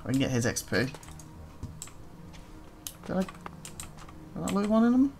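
A let's play gamer giving casual gameplay commentary, chatting to the game's characters and breaking into quick excited outbursts. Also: mid-range voice, creaky.

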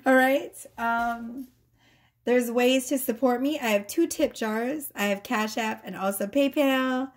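A woman's voice: fairly high pitch, slow. A woman tarot reader chatting casually with viewers, giggly, playful and sassy, laughing often. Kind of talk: casual tarot reading chat.

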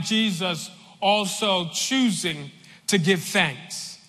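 Man, preacher, high voice, slow measured delivery, long hall reverb. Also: sharp tone. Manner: slow, deliberate preaching with repeated phrases. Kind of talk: sermon. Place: large church sanctuary.

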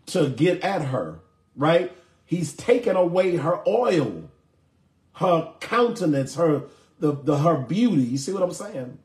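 A man's voice: a little high, a little mellow. A man preaching a sermon, reading scripture aloud and checking in with his listeners in a conversational way. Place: church in Chicago. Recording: echoey room.

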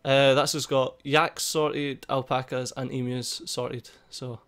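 A man giving casual, excitable gameplay commentary, swearing a lot and laughing at the game. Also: mid-range voice, slow pace, clean tone. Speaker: gaming YouTuber. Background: faint game music.

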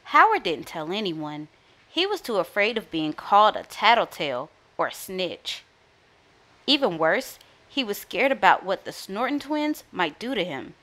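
Lively, bright-voiced woman reading aloud. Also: mid-range voice, moderate pace. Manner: lively, expressive. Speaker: storyteller. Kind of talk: children's read-aloud.

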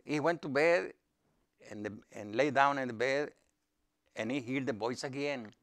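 Man, lay speaker, slow, broken English, halting Bible retelling, mid pitch. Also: a bit bright. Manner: halting, with broken English grammar and many pauses. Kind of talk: retelling a Bible story to a group.

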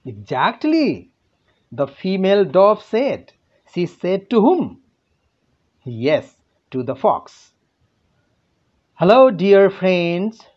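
A man with a Nepali accent teaching an English lesson, speaking slowly and deliberately, asking his pupils questions and answering them himself. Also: sits high, huge pitch swings. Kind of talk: classroom lesson narration. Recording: dull lo-fi home recording.

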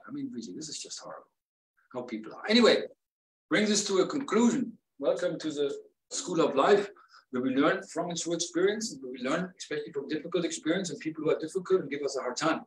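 A man's voice: on the high side, fairly bright tone. Man venting his heartbreak. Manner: pained, rambling, rising to upset outbursts. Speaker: vlogger. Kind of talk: emotional personal monologue. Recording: roomy sound from a distance.

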